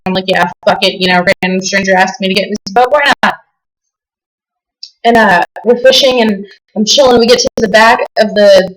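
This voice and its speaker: A woman's voice: medium pitch, fairly bright tone, rough recording. A woman from Las Vegas with a sick, stuffed-up nose talks to her camera in a casual vlog. She swears freely and wanders through her story with plenty of fillers and restarts. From Las Vegas, USA. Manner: profane, rambling, full of fillers. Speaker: vlogger.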